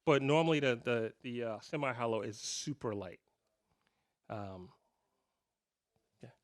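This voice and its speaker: With a mid-range voice that runs a little slow, a guitarist in his fifties shares jokey anecdotes with a live clinic crowd. He's animated, laughs frequently, and keeps the storytelling casual.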